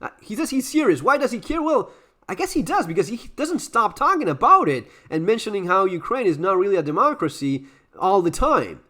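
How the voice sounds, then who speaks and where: A man from Latin America with an Argentine Spanish accent, giving emphatic, sarcastic commentary. His voice sits high and swings widely in pitch. He speaks English as a second language after Spanish. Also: sing-song, brisk, pushed and bright. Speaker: channel host commenting on clips. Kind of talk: opinionated commentary.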